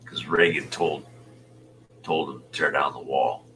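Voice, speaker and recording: A man in his sixties hosts a loose live chat with viewers, rambling from one thought to the next. His voice is very deep yet has a sharp, bright edge, and he talks slowly, often sinking into muttered, half-whispered asides. A faint hum sits under the audio. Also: steady tone. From Utah, USA. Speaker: show host reading viewer chat. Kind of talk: casual livestream chat.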